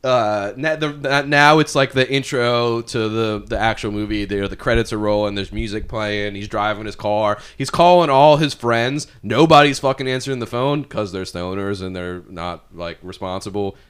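A man's voice: fairly low pitch, normal speed, few pauses, a bit bright, smooth. A man hosting a podcast, casually retelling a movie plot with lots of swearing and laughter. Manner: rambling, swears freely, laughs at his own retelling. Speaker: podcast host.

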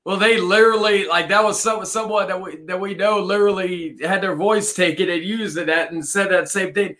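A man's voice: high voice, steady tone, fairly quick, sharp tone. A man co-hosting a podcast, rambling in casual banter, repeating words and restarting sentences. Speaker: podcast co-host.

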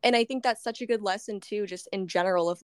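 A woman's voice: mid-range voice, quick pace, clean tone, no echo, clean studio sound. A woman hosting a podcast interview, chatty and emotional, laughing often as she shares her story. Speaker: podcast host. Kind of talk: casual interview chat.

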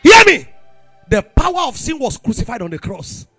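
A Nigerian man preaching with fervor, his voice very high and gravelly. He swings his pitch widely and bursts into shouts, with a bright, forceful edge. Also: sing-song, a little fast, no echo, soft background music. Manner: impassioned, bursts into shouted exclamations. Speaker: youth preacher. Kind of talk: sermon.

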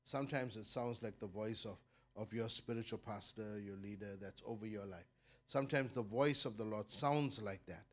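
A middle-aged South African pastor preaches a sermon at a moderate pace. His voice swells loud and high on key points before dropping low, and he often repeats words as he builds a thought.

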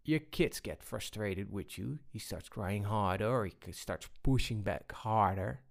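Slow, pausing man talking about balance. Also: fairly low pitch, gravelly. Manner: unhurried, many pauses and restarts. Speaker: speaker on balance. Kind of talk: personal talk to an audience.

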